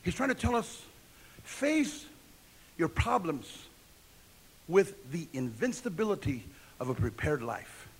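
A man's voice: a little high, sing-song, slow pace, long pauses, slightly rough. A male pastor preaching a sermon, emphatic and repetitive, asking the congregation questions and answering them himself.

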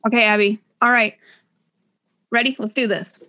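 Gushing animated woman podcast host. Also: on the high side. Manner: animated, gushing, quick asides. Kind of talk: casual book chat.

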